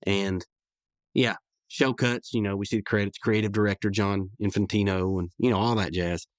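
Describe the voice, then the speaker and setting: A man's voice: on the low side, fairly even intonation, normal speed, no echo, clean studio sound. A man hosting a casual podcast, rambling through a cartoon episode recap with frequent chuckles and fillers.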